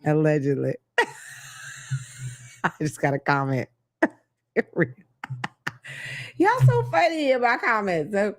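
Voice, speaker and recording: Animated, profane woman host. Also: deep voice. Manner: blunt, profane, animated, laughs often. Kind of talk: casual commentary monologue.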